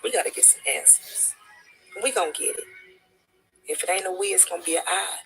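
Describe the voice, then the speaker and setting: A woman speaking as a distraught grieving mother, halting and repeating herself, dropping to near-whispers and then rising again. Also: mid-range voice, expressive, gravelly, a bit bright, soft background music, rough recording. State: distraught, on the edge of tears. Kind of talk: emotional personal testimony.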